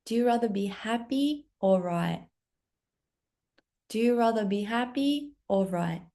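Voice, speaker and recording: A young woman speaking as a spiritual coach in a soft, earnest monologue with playful asides. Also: fairly high pitch, animated, measured pace. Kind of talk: casual monologue to camera.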